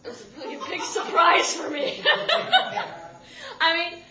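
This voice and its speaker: A woman telling a personal story live, animated and often laughing mid-sentence as she restarts her words. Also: extremely high pitch, slow pace, crowd noise. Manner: animated, self-interrupting, laughing through lines. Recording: echoey room with background noise.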